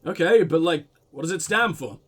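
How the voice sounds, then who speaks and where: A man's voice: on the high side, expressive, moderate pace, fairly bright tone. A man voicing a blunt, impatient police detective who questions in a probing, exasperated way. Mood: pressing, impatient.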